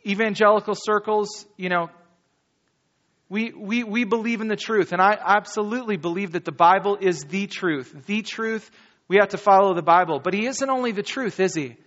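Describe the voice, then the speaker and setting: A male pastor delivers a sermon, reading scripture and speaking to his congregation in a lively, conversational style punctuated by slow, dramatic pauses. His voice is high-pitched, and the dull-sounding recording was made in a large hall.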